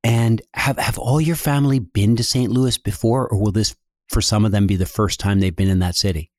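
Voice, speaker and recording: A man's voice: fairly low pitch, steady tone, brisk, darkish tone, dry recording. A man interviewing a guest, asking questions in a curious, conversational way.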